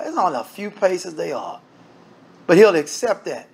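High-pitched gravelly male preacher. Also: big pitch swings, normal speed. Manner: emphatic, conversational preaching that addresses the congregation directly. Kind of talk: sermon.

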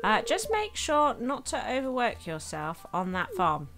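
A woman reading aloud as a polite young male town doctor in a game, gentle and formal. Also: a little high, wildly swooping pitch, unhurried, noisy background, heavily acted. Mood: polite, reassuring. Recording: game music playing behind. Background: game music.

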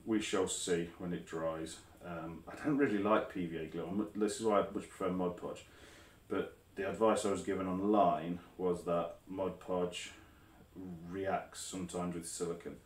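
A man's voice: sits low, fairly even intonation, normal speed. A man talking casually to camera as he builds tabletop terrain, rambling, mumbling and correcting himself while he works. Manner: rambling, self-correcting, mutters while working. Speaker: hobby crafter making terrain. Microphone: phone camera some distance away. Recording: roomy distant phone recording.

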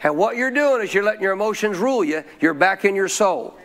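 Brisk and lively in intonation, a pastor with a high, fairly bright voice delivers his sermon. He uses call-and-response, questioning the congregation and having them repeat after him.

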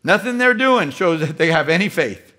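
A male pastor delivering a sermon with a fairly high voice. He leans hard on key phrases, says them again, and throws questions out to the congregation. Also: expressive, moderate pace, bright, forceful tone.

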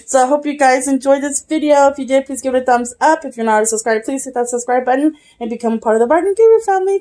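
A young woman vlogging casually while unboxing a gift, excitable and gushing, often breaking into giggles. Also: high voice, very fast, hardly any pauses. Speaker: YouTube vlogger. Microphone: camera, face not shown.

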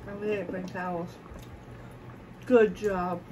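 A woman's voice: fairly low pitch, level tone, slow pace, very noisy. A woman hosting an eating show, chatting casually and teasing her partner between bites. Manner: teasing, playful. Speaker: mukbang host. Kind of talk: casual chat while eating.

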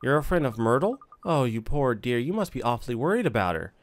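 A man voicing a gossiping, kindly old neighbour woman, fussy and soft-spoken. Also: mid-range voice, very animated, fast. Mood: gossipy.

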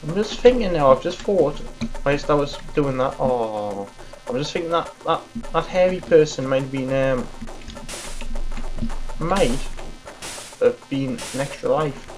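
A woman's voice: rumbling low, animated, a little slow, long pauses, a little mellow, soft background music, rough recording. A woman reviewing a game, rambling and swearing at it as she plays. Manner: mutters and swears at the game, self-deprecating. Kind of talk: rambling gameplay commentary.

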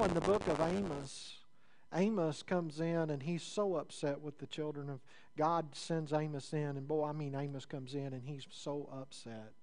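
A man preaching a sermon in a conversational way, building up with rising emphasis and then dropping into low, quiet asides. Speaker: pastor.

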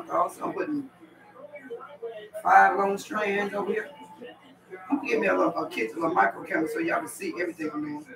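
Man, high gravelly voice, laid-back cooking vlog, phone mic set back in a roomy kitchen with household noise. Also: distant mic. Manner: loose, chatty, talks straight to viewers with lots of "y'all". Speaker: cooking vlogger. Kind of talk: casual cooking vlog chat. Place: home kitchen.

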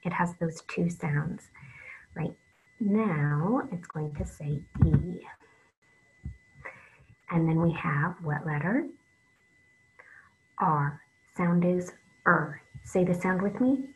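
A woman reading teacher giving an online phonics lesson, slow and patient, drawing out letter sounds with soft whispered asides. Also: lowish voice, slightly rough, low-quality recording.

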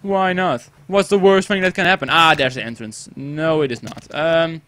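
An eighteen-year-old man with a Dutch accent doing let's play commentary, excitable and rambling, swearing a lot. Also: fairly high pitch, moderate pace. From Netherlands. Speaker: gaming YouTuber.

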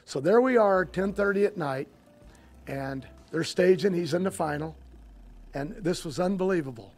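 A man's voice: sits high, lively intonation, a little mellow. Older man telling rambling stories. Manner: rambling, halting, repeats words and restarts. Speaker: guest, drag racing team owner. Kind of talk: casual interview storytelling.

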